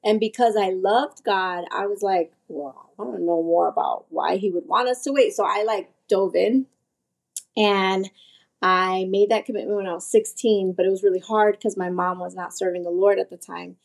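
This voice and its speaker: A woman telling a personal story in a podcast chat, lively and animated. She peppers her talk with "like" and slips into voices for the people she quotes. Her voice sits at an ordinary middle pitch. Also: normal speed, creaky. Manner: frequent "like" fillers. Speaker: guest.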